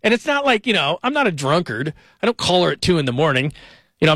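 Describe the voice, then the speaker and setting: A man's voice: on the high side, expressive, fast, a bit bright, no echo. A man in his forties hosting a sports radio show, chatting casually and telling joking stories at a studio microphone.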